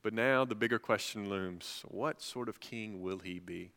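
Bright, crisp-voiced male preacher in a reverberant hall. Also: fairly low pitch, measured pace. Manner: preaching with swells of emphasis, building to loud passionate peaks. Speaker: pastor. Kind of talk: sermon.

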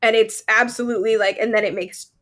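Young woman, podcast co-host, casual chat, upbeat and filler-heavy, fairly high voice. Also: fairly even intonation, fast talker, a bit bright. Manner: chatty, enthusiastic, with many fillers. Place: Vancouver.

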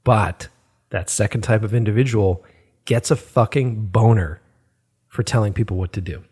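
A man's voice: on the low side, normal speed, a little mellow, breathy edge. A man hosting a casual podcast chat, blunt and profane, who shifts from ranting to apologizing.

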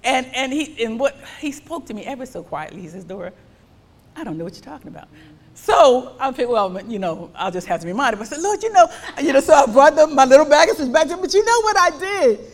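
A woman preaching an animated sermon with call-and-response from the congregation. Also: high-pitched, fast talker, hardly any pauses. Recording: long hall reverb.

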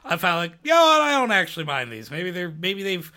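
A man's voice: high voice, huge pitch swings, fast, bright, forceful tone. A man in casual podcast chat, ranting in a wry, mock-grumpy way. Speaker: podcast co-host.

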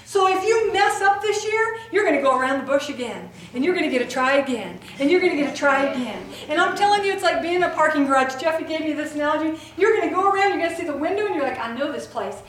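High-voiced woman preaching in an echoey hall. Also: quick pace, hardly any pauses, slight background noise. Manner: animated, acts out voices in her retelling. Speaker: preacher at women's gathering. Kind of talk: sermon. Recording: echoey hall recorded from far off.

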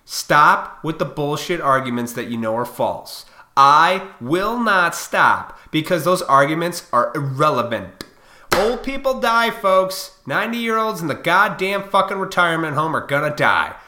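A man's voice: fairly high pitch, animated, measured pace, sharp tone. A man in his forties delivering a profane, combative ranting monologue as a vlogger. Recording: echoey room.

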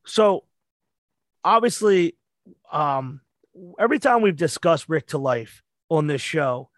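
A man's voice: a little high, lively intonation, slow, dry recording, studio quality. A man hosting a podcast, asking loose questions with fillers and some swearing. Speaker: host. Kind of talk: casual podcast interview.

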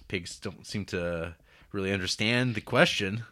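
A man's voice: medium pitch, moderate pace. A man co-hosting a casual podcast, animatedly retelling film scenes and quoting characters. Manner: animated retelling with quoted voices. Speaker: podcast co-host.

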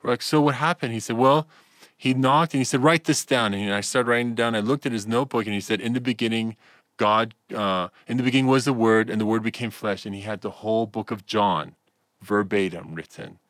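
Male guest, low voice, lively storyteller acting out dialogue, lots of "you know". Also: fairly quick, dry recording. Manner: animated storyteller, acts out quoted dialogue, many fillers. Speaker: minister inside Iran, guest. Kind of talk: radio interview storytelling.

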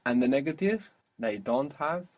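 A man teaching a language lesson, patiently drilling words and saying them slowly and clearly. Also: mid-range voice, expressive, a little mellow.

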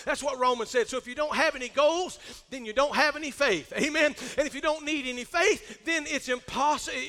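A middle-aged pastor preaching a sermon, calling for amens and swelling into shouts. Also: male voice, extremely high pitch. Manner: preacherly, rising to shouts, calls for amen. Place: church sanctuary. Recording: long hall reverb.

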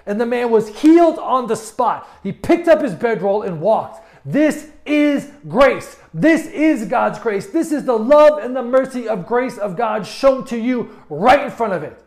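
A man's voice: very high-pitched, expressive, a little slow, hardly any pauses, a little mellow. A man preaching a sermon with passion, often stammering and restarting his words. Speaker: pastor.

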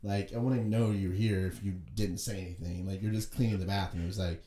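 A man's voice: low voice, fairly even intonation, fast, few pauses, mellow. A man co-hosting a podcast, telling a story in casual chat, laid-back and swearing freely. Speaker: podcast co-host. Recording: roomy echo.

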